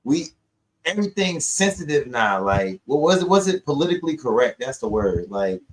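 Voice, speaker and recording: A man, co-hosting a casual podcast chat, emphatic and animated with joking asides. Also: medium pitch, moderate pace, slight background noise, poor audio.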